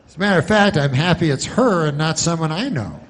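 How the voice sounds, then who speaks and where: A man doing a stand-up comedy monologue, deadpan and rambling through long setups. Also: on the high side, a little fast.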